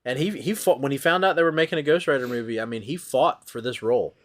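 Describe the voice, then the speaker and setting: A man's voice: mid-range voice, quick pace. A man hosting a casual movie podcast, chatting and sharing comic book trivia. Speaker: podcast host.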